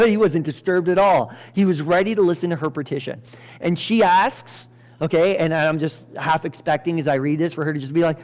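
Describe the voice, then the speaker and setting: A male pastor telling a Bible story in a lively sermon, acting out the characters with sudden loud bursts and frequent laughter. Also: a little high, brisk. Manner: animated, acts out characters with sudden loud jumps, laughs often. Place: church.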